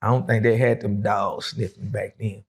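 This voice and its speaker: A middle-aged man with a gravelly, husky voice, telling his story casually. He rambles and fills pauses with "uh" and "you know.". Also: lowish voice, flat delivery. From Dallas, Texas. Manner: rambling, with many fillers and acted quotes.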